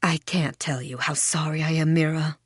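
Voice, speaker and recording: A woman narrator voicing a fawning shopkeeper who speaks softly and sweetly. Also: deep voice, steady tone, normal speed, breathy edge, dry recording, studio quality. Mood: apologetic. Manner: soft, sugary and placating. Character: fawning, smiling middle-aged female shopkeeper.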